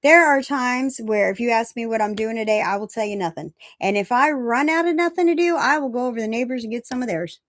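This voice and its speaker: Speaking fast and animatedly with almost no pauses, this recovery meeting host in her fifties is blunt and self-deprecating on a casual live-stream, driving points home through repetition and chuckling at her own humor. Her slightly high voice has a bit of brightness, captured in clean studio sound without echo.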